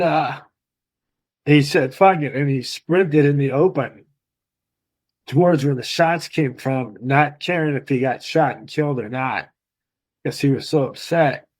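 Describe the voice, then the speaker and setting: A man's voice: mid-range voice, rough recording. A man recounting his father's story in a casual, emotional way as an interviewee. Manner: emotional, retelling intensely. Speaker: interviewee, son of the subject.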